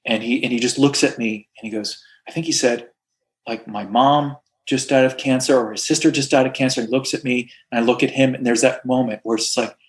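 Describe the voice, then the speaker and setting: A man telling a story as a podcast guest, rambling and halting, self-deprecating and a little teary. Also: medium pitch, fairly even intonation. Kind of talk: casual storytelling.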